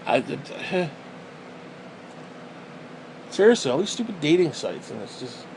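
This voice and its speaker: A man's voice: on the high side, very animated, takes it slowly, darkish tone, a little hiss or hum. A man vlogging a casual rant to the camera, crude, profane and exasperated.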